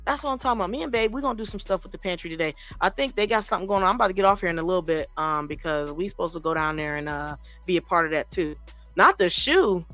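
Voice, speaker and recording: Animated, profane woman telling stories. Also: lowish voice, fast talker, faint music behind. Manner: animated, profane, acts out quoted voices. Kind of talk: casual storytelling chat.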